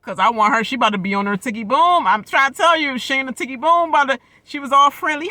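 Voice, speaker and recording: Loud, bright-voiced male reaction vlogger. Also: extremely high pitch, fast, hardly any pauses, dry recording. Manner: loud, animated, slangy. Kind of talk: casual live reaction commentary.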